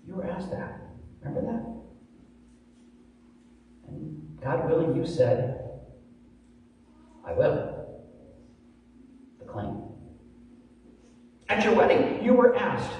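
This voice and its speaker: A man preaching a sermon as pastor, slow and emphatic with dramatic pauses, dropping to a hush for key words. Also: fairly high pitch, very animated, highs cut off, a little hiss or hum. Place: large church sanctuary. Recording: echoey church from far off.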